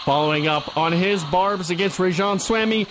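A man's voice: sits high, moderate pace, noisy background. A man reading news aloud in an exaggerated broadcaster voice, stumbling over words now and then. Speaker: show guest. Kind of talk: mock news-anchor reading.

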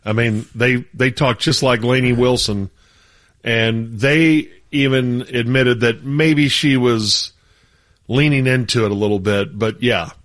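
Casting: male sports radio co-host, relaxed, rambling, dry studio sound. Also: medium pitch, unhurried, no room sound. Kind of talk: casual chat.

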